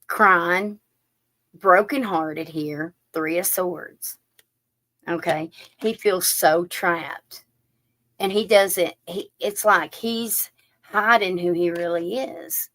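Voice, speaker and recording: A woman giving a chatty live-stream tarot reading, talking straight to her viewers. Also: lowish voice. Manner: chatty, animated, addresses viewers directly with fillers. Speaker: tarot reader.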